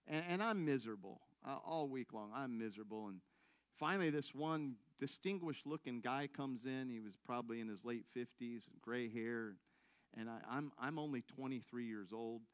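A man's voice: on the high side, bright, forceful tone, dry recording. A man giving a sermon testimony in a church, telling a story, acting out his own thoughts and calling out to the congregation for responses.

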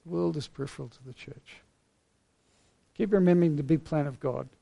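A middle-aged man preaching a sermon as pastor, earnest and storytelling, with gentle pauses. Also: a little high, vocal fry, husky, muffled recording.

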